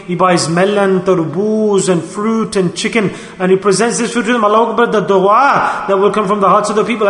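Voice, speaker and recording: A man delivering a sermon as a preacher, with a sing-song, drawn-out preaching delivery. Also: high voice, fairly bright tone. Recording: echoey hall.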